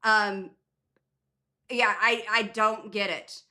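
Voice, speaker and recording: A chatty woman hosts a casual livestream Q&A, rambling and restarting her sentences. Her voice is bright and forward. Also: mid-range voice, flat delivery, slow. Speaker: nurse practitioner hosting a live Q&A.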